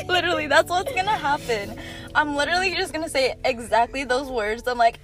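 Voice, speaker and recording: Slangy young woman guest, high voice. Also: big pitch swings, moderate pace, over music. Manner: laid-back slangy storytelling. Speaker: podcast guest. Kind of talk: casual chat.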